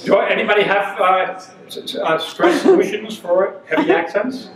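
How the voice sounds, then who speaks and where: A man's voice: high-pitched, lively intonation, normal speed, fairly bright tone. A man giving a comic seminar talk to a live audience, chatty and joking, laughing often. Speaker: seminar speaker. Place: conference room with a live audience. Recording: roomy hall from a distance, audience noise.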